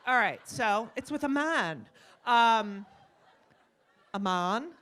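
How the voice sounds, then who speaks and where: A woman's voice: a little high, slow pace, a faint crowd, slight background noise. A middle-aged woman doing a stand-up comedy set in a club, brash and profane, acting out little scenes with voices. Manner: brash, animated, acts out voices, swears freely.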